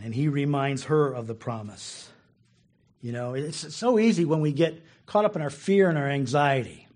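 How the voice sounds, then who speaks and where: A man's voice: fairly high pitch, normal speed, darkish tone. A man preaching a casual, conversational sermon who laughs often and repeats words as he goes. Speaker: pastor.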